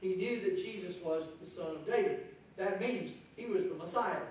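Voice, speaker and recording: A man preaching a sermon as pastor, lively, acting out the crowd's voices with a raised voice. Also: sits high, normal speed, a little hiss or hum. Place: church sanctuary. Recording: echoey church hall from far off.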